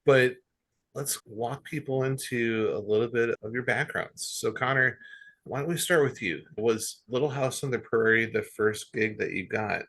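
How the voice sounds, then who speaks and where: A man's voice: mid-range voice, moderate pace, fairly bright tone, no room sound. A man hosting a podcast, steering the talk with questions for his guests. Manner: guiding, asks questions. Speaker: podcast host. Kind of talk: casual podcast chat.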